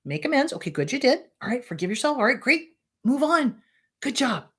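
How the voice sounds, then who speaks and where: A woman voicing a gentle, encouraging inner voice that speaks in a sweet, reassuring way. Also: high voice, very animated, fairly quick, husky, pitched above the performer's own voice, full character voice. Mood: soothing.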